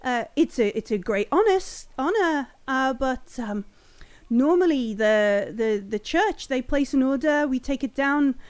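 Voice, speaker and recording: A woman voicing a fawning, flattering male cafe stall owner who speaks in halting phrases. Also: high voice, clear, resonant tone.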